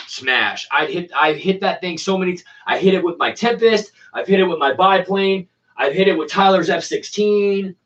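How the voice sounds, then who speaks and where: Here the RC plane host's voice sits on the high side and sounds a bit bright as he replies to viewers in easygoing slang. It's a casual chat, captured in dull, distant lo-fi audio.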